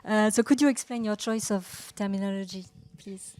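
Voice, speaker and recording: A woman's voice: mid-range voice, fairly even intonation, moderate pace, a little mellow. A woman with a French accent moderating a panel debate, asking questions politely and a little hesitantly.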